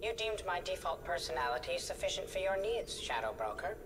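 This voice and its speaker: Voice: mid-range voice, very animated, fairly quick, lightly acted. An actor voicing a polite synthetic drone assistant in a video game, speaking in a formal, precise way. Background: game music.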